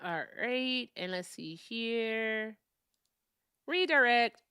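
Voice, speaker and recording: Lady streamer chatting w her viewers, dry close mic, laughs a lot, animated. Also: mid-range voice, moderate pace, dry recording. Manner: animated, laughs often, talks to the chat. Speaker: livestream host. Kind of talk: casual live-stream chat.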